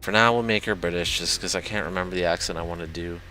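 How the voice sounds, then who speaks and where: A man's voice: deep voice, quick pace, sharp tone, faint music behind. A man streaming a game, chatting casually and self-deprecatingly while reading dialogue aloud.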